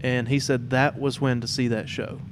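A man's voice: medium pitch, moderate pace, noisy background. A man with a mid-range voice who hosts an informal chat about theatre. He speaks in an easy, meandering way and often restarts his sentences. A faint room ambience sits under him. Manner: relaxed, rambling, many fillers and restarts. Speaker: podcast host. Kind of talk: casual interview chat.

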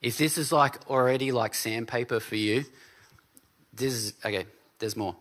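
Casual pastor preaching. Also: male voice, medium pitch, moderate pace, fairly bright tone. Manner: casual storytelling, checks in with the audience. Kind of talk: conversational sermon.

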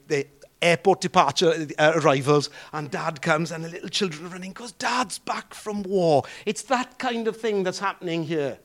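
A man preaching a sermon, drawing out key words and throwing questions to the congregation. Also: high voice. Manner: animated, drawn-out emphatic phrasing with questions to the congregation.

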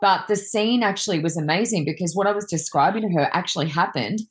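Chatty Reiki woman, low deep voice, rambling casual stories. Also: quick pace. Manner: chatty, rambling, many fillers. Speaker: Reiki master and card reader. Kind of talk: casual chat, telling anecdotes.

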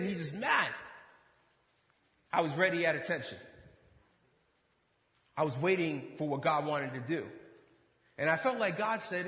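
A man preaching a sermon, telling a personal story and acting out the dialogue with lively energy. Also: on the high side, moderate pace, long pauses, reverberant, in a large hall. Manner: animated storytelling, acts out dialogue. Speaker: pastor.

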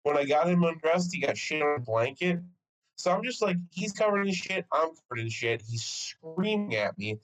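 Here a young man co-hosting a podcast recounts a story in casual chat, lively and laughing often, with swearing mixed in. His voice is on the high side at a moderate pace, and the recording is rough.

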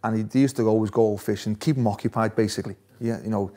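Here a former footballer tells stories in a relaxed interview, his lowish voice warm and steady at a quick pace. He chats freely, laughs often and restarts phrases.

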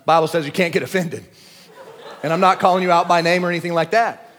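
High bright-voiced preaching man. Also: steady tone, fast. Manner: casual slang, swings from shouting to quiet. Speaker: pastor. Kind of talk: sermon. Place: church service. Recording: long church hall reverb.

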